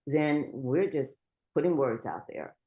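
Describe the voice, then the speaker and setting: A woman's voice: low voice, animated, a little slow, lo-fi sound. A woman speaking as a guest on a live show, encouraging and reassuring the callers. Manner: warm, reassuring, affirming.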